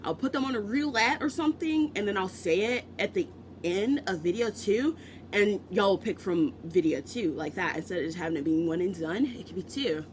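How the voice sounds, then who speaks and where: A man's voice: high-pitched, animated, normal speed, a little hiss or hum. A man from the United States chatting casually as a book vlogger, rambling and cutting into his own sentences with joking asides. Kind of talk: casual rambling vlog chat.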